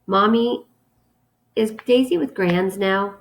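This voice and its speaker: A woman voicing a gentle, worried young boy who asks his questions softly and hesitantly. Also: medium pitch, slow pace. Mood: wondering. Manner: soft, hesitant, pleading.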